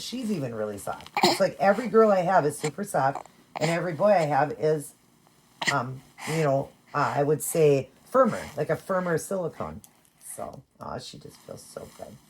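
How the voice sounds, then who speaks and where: A woman chatting casually in a vlog, talking softly and fondly while she dresses her dolls. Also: low voice, a little hiss or hum. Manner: soft, doting, rambling. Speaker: doll collector and vlogger.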